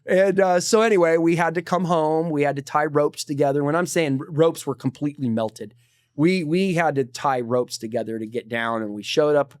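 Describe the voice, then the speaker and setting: A middle-aged man, a podcast guest, telling climbing stories in a laid-back, animated way. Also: fairly high pitch, moderate pace, dry recording. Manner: animated, laid-back storyteller saying dude. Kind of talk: casual storytelling.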